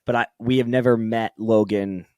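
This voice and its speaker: A young man co-hosting a podcast, telling a story in casual, excited chat, swearing and laughing often. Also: medium pitch, normal speed, dry recording. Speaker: podcast co-host.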